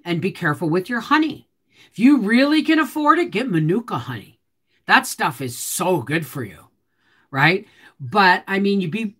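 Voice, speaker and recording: Lively, chatty woman streamer. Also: mid-range voice. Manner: chatty, reads and answers viewer comments, teasing. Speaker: homestead channel host. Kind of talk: live-stream chat with viewers.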